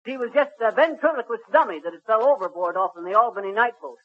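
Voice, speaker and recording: A man's voice: high-pitched, animated, fast. A man playing a boastful, folksy braggart in 1930s radio comedy, rambling through a tall tale in ungrammatical speech. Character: boastful middle-aged male braggart spinning tall tales. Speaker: comic lead telling a tall tale. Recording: muffled 1930s radio recording with faint hiss.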